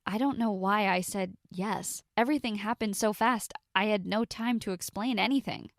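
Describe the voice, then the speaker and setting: A woman in her twenties narrating a first-person story in a confessional tone, with dramatic pauses. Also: medium pitch, creaky, dry recording, studio quality.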